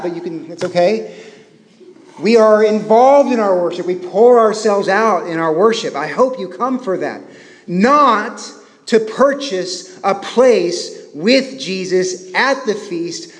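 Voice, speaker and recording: A male pastor with a rather high, light voice gives a conversational sermon in a church. His words ring out with a long reverb from the hall around him. He drops almost to a hush when he wants to stress a point. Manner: conversational preaching with self-deprecating asides; drops to a hushed tone for emphasis.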